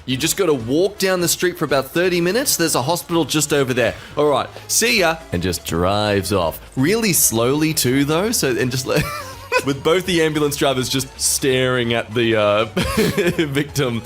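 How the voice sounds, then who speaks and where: Sarcastic Australian man, lively pitch. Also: normal speed, soft background music. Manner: sarcastic, laughs at own jokes. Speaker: commentary video narrator. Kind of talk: scripted comedic commentary.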